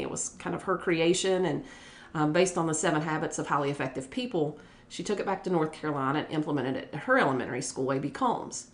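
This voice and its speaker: A middle-aged woman from West Virginia talks through her career as a school principal in an earnest, conversational way. Her voice sits on the lower side, and she slips into brief lively voices when quoting others. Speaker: elementary school principal, guest. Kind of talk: casual conversational storytelling.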